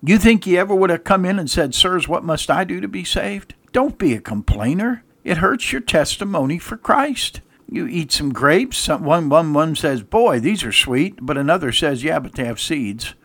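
A man's voice: fairly high pitch, lively intonation, normal speed, fairly bright tone. A man preaching a sermon as pastor, emphatic, with repeated words and restarts, mixing scripture readings with jokes and anecdotes.

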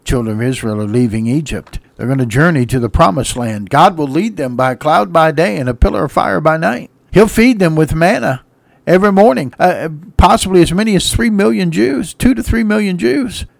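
A fiery male preacher with a slightly high voice, swinging between hushed lines and loud shouts. He slips into sung hymn phrases between points. The sound is close and dry. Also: lively intonation, normal speed, gravelly, no echo. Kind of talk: sermon.

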